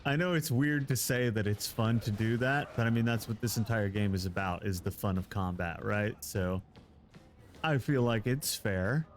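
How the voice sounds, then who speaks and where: A man's voice: on the low side, moderate pace, faint music behind. A man streaming a game live, chatting with viewers and joking around. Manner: playful, joking, laughs often. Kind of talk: casual live gameplay commentary.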